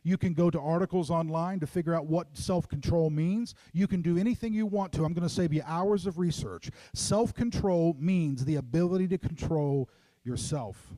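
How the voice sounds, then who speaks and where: A middle-aged male pastor delivers an emphatic sermon in a slightly raised, mellow voice. He drives his points home through repetition and speaks straight to the congregation. The sound is close and dry. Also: on the high side, moderate pace, dry recording. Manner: emphatic, repeats phrases, addresses congregation as folks.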